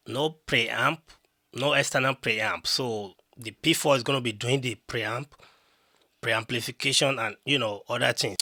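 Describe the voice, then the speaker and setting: A man's voice: mid-range voice, sharp tone, no room sound. Man demoing mics, dry close sound. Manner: repetitive, talks to viewers directly. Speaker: tech reviewer. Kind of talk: casual gear demo.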